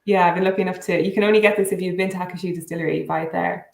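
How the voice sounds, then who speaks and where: A woman's voice: on the low side, fairly even intonation, gravelly, over a noisy crowd. A woman chats casually and bubbly during a whiskey tasting. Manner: bubbly, rambling, quick asides. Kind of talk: casual chat, livestream tasting. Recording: echoey room.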